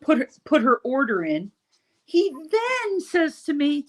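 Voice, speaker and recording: A middle-aged woman hosts a loose, casual chat. She tells a story with salty mock outrage, and her voice sits a little high. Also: huge pitch swings, unhurried. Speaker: host.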